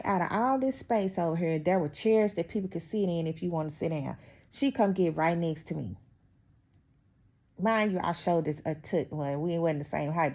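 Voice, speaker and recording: A woman's voice: on the low side, mellow. A woman vlogger telling a workplace story in casual chat, chatty and exasperated, talking straight to her viewers. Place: at home.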